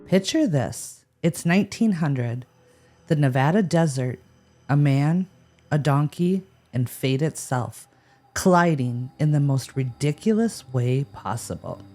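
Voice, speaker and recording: A woman's voice: deep voice, lively intonation, unhurried, mellow, soft background music. A woman co-hosting a podcast, telling a history story with playful, jokey asides. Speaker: podcast co-host. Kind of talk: scripted podcast banter.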